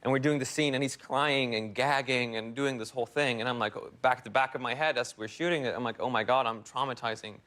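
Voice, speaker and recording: A young man, an actor guest, rambling through animated stories with laughter in a casual interview. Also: medium pitch, brisk, few pauses.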